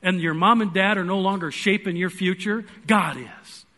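Bright, high-voiced man preaching earnestly. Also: normal speed. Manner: earnest storytelling, swings from loud pleading to hushed. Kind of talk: sermon. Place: church.

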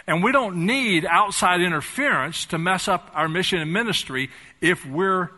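An older man delivers a sermon from the pulpit, his voice bright and ringing. He works through rhetorical questions, swinging from loud, pressing lines down to hushed ones. His voice sits a little high for a man. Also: normal speed. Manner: preaching with rhetorical questions and wide swings in loudness. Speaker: pastor.

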